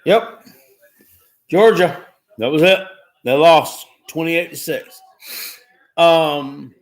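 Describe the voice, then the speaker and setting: A man hosting a live stream, asking trivia questions in a casual, excitable way, swearing now and then and often repeating himself. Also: a little high, extremely slow, long pauses. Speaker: livestream host.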